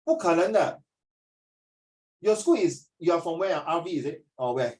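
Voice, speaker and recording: Singaporean tutor, male, raised pitch, jokes around then gets stern, classroom lecture delivery. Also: animated, moderate pace, darkish tone, rough recording. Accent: Singaporean English.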